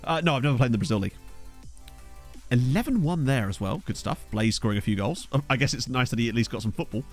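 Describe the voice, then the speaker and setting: Young male streamer, chatty and rambling, animated delivery, desk mic. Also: medium pitch, quick pace, faint music behind. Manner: rambling, chatty, addresses viewers. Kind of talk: casual live-stream chat while playing. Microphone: desktop USB mic.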